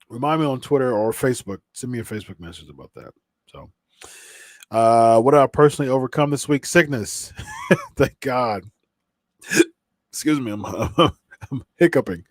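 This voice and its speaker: A man's voice: mid-range voice, dry recording. Chatty male podcast host, dry sound. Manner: rambling, with many fillers and restarts. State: slightly stuffy from a cold. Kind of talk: casual live-stream chat.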